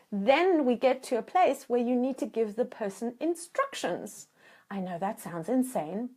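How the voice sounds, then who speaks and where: A woman gives a relationship lesson, her voice sitting a little high. She speaks with animated emphasis and slips into short acted-out exchanges to make her points. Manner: animated, emphatic, acts out quoted dialogue. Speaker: relationship coach. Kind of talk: teaching talk to camera.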